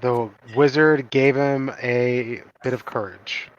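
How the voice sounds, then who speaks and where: A man's voice: mid-range voice, steady tone, slow, clear, resonant tone. A man co-hosting a casual movie review chat, with a dry, sarcastic way of talking. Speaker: co-host. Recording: dry, dull lo-fi sound.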